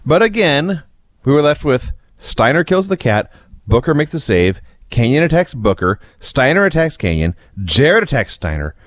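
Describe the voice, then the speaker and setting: A man's voice: on the high side, very animated, moderate pace, dry recording. A man co-hosting a casual podcast, recapping events with wry sarcasm. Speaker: co-host.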